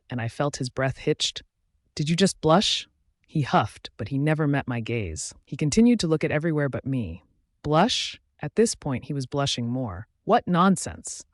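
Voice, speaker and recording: A man reading a romance novel aloud in a steady, even first-person narration. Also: mid-range voice, no echo, clean studio sound. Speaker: audiobook narrator.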